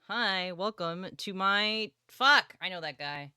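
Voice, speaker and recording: A young woman livestreaming from her partner's home setup, chatting excitedly and playfully about books and swearing casually. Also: medium pitch, slow pace, clean tone, no room sound, studio quality.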